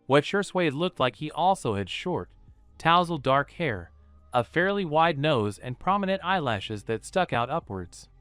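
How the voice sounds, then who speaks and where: A man narrating a fan fiction story in a steady storytelling manner, voicing every character himself. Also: fairly high pitch, measured pace, clear, resonant tone, no echo, faint music behind.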